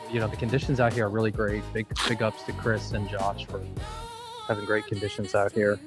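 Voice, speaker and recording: A man's voice: on the low side, little pitch movement, brisk, vocal fry, music in the background. A man playing a round of golf on a livestream, joking about his own shots outdoors on the course. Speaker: golfer streaming his round. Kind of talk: casual golf livestream talk.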